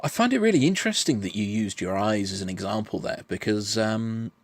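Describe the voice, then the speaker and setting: Man with a gravelly, low voice. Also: animated, no echo. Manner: measured, patient explaining with frequent restarts. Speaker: vlogger answering questions. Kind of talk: explanatory monologue.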